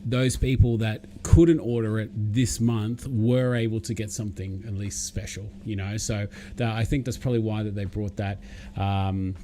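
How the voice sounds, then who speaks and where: A man's voice: lowish voice, steady tone, normal speed, mellow, a little hiss or hum. A man with an Australian accent, chatting casually and rambling as he hosts a live stream and greets viewers by name.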